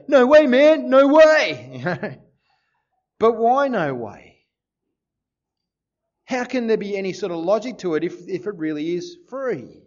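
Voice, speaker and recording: A man preaching a sermon to a congregation, lively and joking, often asking his listeners questions. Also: a little high, lo-fi sound. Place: church service before a congregation.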